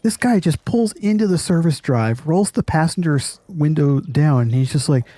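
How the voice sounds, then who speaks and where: Guy on a gaming vid telling a crazy story, keeps cracking up, mellow voice, swears a lot. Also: a little high, normal speed, no room sound. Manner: animated, laughs often while telling the story, swears casually. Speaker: gaming channel host. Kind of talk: casual storytelling over gameplay.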